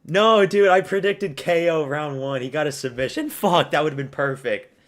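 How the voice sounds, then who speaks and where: A man hosting a fight watch-party stream, giving excitable, profane live reactions and yelling at the screen. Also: a little high, moderate pace.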